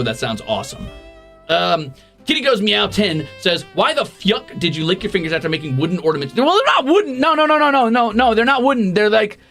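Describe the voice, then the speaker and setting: Lively, bright-voiced male streamer, teasing. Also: high-pitched. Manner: profane, teasing, mock-grumpy banter. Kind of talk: casual livestream chat, reading donations.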